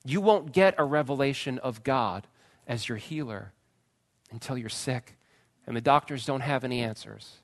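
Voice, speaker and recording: A man preaching a sermon, retelling a story with dramatic swings from loud pleading cries to hushed, quiet phrases. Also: medium pitch, moderate pace. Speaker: pastor.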